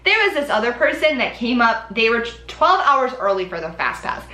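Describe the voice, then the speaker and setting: A woman's voice: on the high side, sing-song, brisk, sharp tone, roomy sound. A young woman vlogging in a casual, chatty way, with lots of ums and likes. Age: young adult. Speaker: Disney College Program vlogger. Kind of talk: casual chat.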